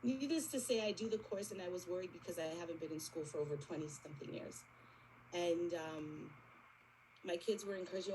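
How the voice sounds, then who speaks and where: A woman's voice: lowish voice, fairly quick, a little mellow, a little hiss or hum, poor audio. A woman in her forties telling a personal testimony to a church congregation, acting out the conversations in her story. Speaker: church member giving testimony. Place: church service.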